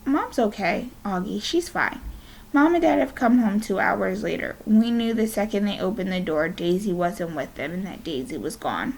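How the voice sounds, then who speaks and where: A woman teacher reading a children's novel aloud to her class, gently and unhurried, now and then correcting herself. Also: medium pitch, expressive, gravelly, poor audio.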